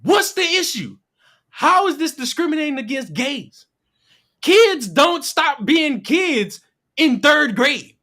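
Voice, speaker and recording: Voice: high-pitched, sing-song, takes it slowly, bright, forceful tone. A livestreamer ranting in heated commentary, profane and mocking, firing off rhetorical questions. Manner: mimics people in silly voices.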